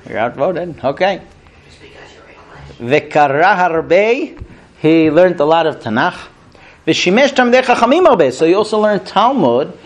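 A man teaching a Talmud class to students, telling a story animatedly and acting out the quotes. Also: fairly high pitch. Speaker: Torah teacher.

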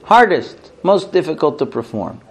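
A man's voice: on the high side, big pitch swings, normal speed. A man teaching a Talmud class to students, telling a story animatedly and acting out the quotes. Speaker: Torah teacher.

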